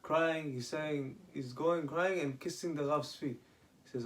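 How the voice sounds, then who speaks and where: A man casually retelling rabbinic stories, halting, with many restarts and Hebrew terms. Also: a little high. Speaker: storyteller.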